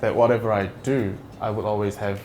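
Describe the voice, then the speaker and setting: A man from New Zealand answering interview questions in a relaxed way, often repeating words as he looks for how to say things. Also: lowish voice, brisk, a little hiss or hum. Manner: hesitant, repeats words while searching for phrasing. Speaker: interview guest.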